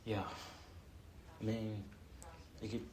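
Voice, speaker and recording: Low-voiced young man answering hesitantly. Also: little pitch movement, takes it slowly, a crowd in the background. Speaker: son answering his father. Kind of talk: home family talk. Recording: echoey room with background voices.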